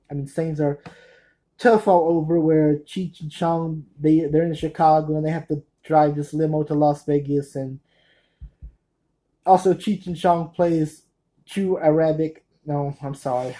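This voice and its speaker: Mellow-voiced man rambling to camera. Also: a little high, poor audio. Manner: rambling, loses track of names and restarts. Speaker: video host reviewing his movie collection. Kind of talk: casual rambling talk to camera.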